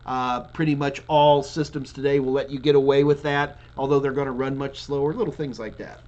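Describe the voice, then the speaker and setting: A man's voice: mid-range voice, steady tone, fairly quick, darkish tone, muffled recording. A man hosting a live question-and-answer stream, reading out viewer questions and answering them in a loose, chatty way with many restarts, yawning now and then. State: yawning repeatedly. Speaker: live Q&A host and IT trainer.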